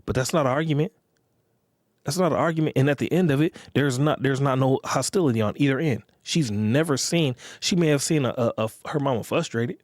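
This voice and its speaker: A man's voice: medium pitch, fairly quick, darkish tone, no echo, studio quality. A man hosting a podcast, talking in a casual, rambling, profane monologue and often checking in with his listeners. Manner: rambling, profane, repeats "you get what I'm saying". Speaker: podcast host.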